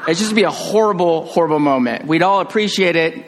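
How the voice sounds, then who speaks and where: A man preaching a conversational sermon as pastor, joking with the congregation and dropping to a hush on solemn phrases. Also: a little high, brisk, a crowd in the background. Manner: conversational, jokey, with restarts and sudden quiet hushed drops.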